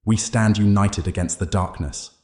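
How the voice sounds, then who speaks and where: A man's voice: fairly low pitch, steady tone, normal speed, darkish tone, reverberant, natural voice. A man voicing a determined young man who leads frightened townsfolk against the darkness. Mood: resolute. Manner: resolute, commanding.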